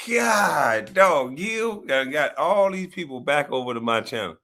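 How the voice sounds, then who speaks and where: Animated, loose-talking man on a livestream. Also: fairly high pitch, a little slow, few pauses. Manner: loose, animated, profane banter. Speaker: livestream host. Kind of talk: casual livestream chat.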